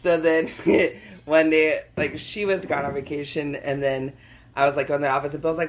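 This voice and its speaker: A woman's voice: deep voice, fairly even intonation, moderate pace, a little hiss or hum. A young adult woman co-hosting a podcast, telling stories in casual chat, laughing often, swearing freely and acting out quotes. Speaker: podcast co-host.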